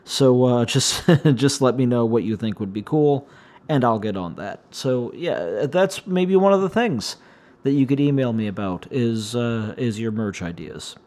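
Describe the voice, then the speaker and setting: A man hosting a solo podcast, his voice slightly hoarse and shaky, rambling and wryly complaining as he talks. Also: medium pitch, lively intonation, measured pace, darkish tone. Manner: meandering, self-interrupting, wry complaints. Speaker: podcast host.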